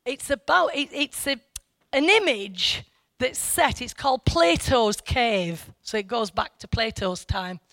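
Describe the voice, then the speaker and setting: A woman's voice: fairly high pitch, expressive, measured pace, fairly bright tone, no room sound. A woman giving informal Bible teaching to a church group, rambling and correcting herself with asides to her listeners.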